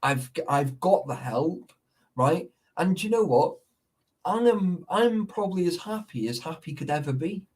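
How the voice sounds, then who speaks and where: A man's voice: a little high, expressive, normal speed, husky, far from the mic. A man in casual chat, rambling and swearing, forever checking that the listener follows. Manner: sweary, rambling, keeps asking "you know what I mean".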